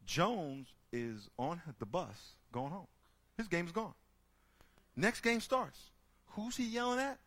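A man speaking to a group, telling lively stories and acting out the people in them with loud bursts. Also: high-pitched, slow, dry recording. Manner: lively, acts out characters with loud shouting bursts. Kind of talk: animated storytelling talk.

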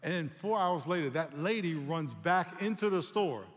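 Animated preacher man in a reverberant hall. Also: on the high side, normal speed. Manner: animated preaching, calls for audience responses. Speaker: pastor. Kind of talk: sermon.

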